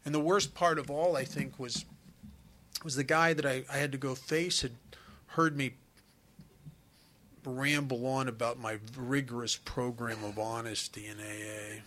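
A man's voice: mid-range voice, fairly even intonation, measured pace, fairly bright tone. A middle-aged man telling a candid, confessional recovery story at a meeting. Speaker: recovering alcoholic sharing his story.

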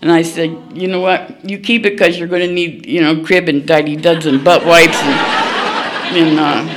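A woman's voice: deep voice, fairly even intonation, normal speed, background noise. An older woman, telling her own story at a recovery meeting in a blunt, folksy, candid way, laughing at herself. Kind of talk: personal storytelling share.

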